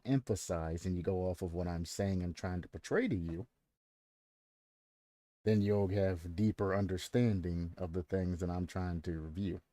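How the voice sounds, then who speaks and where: A low-pitched man rants to his stream audience in a loose, profane way, circling back over the same point again and again. His voice is dark and mellow, recorded close and dry with no room sound. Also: no room sound. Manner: profane, ranting, repeats himself. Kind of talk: casual ranting stream commentary.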